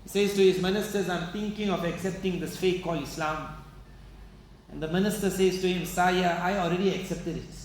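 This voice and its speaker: A man's voice: high voice, steady tone, brisk, a little hiss or hum. A male imam preaching a sermon, earnest and dramatic as he retells stories with quoted dialogue. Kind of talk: sermon storytelling. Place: mosque. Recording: echoey mosque hall, faint ambience.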